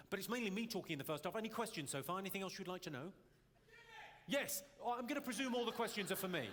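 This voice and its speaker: A man doing a deadpan stand-up comedy routine on stage. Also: high voice, very noisy. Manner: deadpan joke delivery. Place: theatre stage. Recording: live show in a large hall, loud audience.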